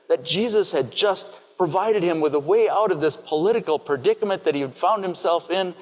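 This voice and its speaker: A man preaching a sermon in a measured, questioning way. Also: sits high, long reverb tail.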